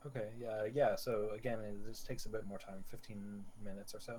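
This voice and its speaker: A man narrating as game master of a tabletop game, describing events in a halting way with repeated words. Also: on the low side, steady tone, mellow, slight background noise, poor audio.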